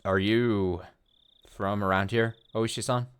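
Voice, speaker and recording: A man hosting a let's play, reading a visual novel aloud and rambling excitedly and paranoidly between lines. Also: on the low side, slow, smooth.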